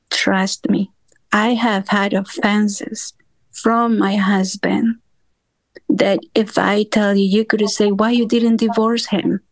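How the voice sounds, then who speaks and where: A woman's voice: mid-range voice, dry recording. A woman in a study group sharing a personal testimony over a remote call, talking earnestly with small grammar slips. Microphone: remote call audio.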